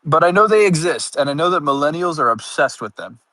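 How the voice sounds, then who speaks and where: A young man chats loosely on a livestream, wandering from one thought to the next and laughing at himself. His voice is bright and forceful, close to the mic in a dry, dead room. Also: a little high, lively intonation, a little fast, no echo. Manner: rambling and self-amused, laughing often. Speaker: streamer. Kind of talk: casual livestream chat.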